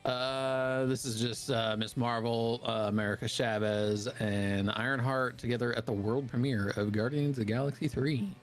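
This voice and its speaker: A man's voice: medium pitch, fairly even intonation, moderate pace, hardly any pauses, soft background music. A man co-hosting a podcast, running through news items casually with many "uh"s. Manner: reads items with frequent "uh" and "um". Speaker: podcast co-host reading news.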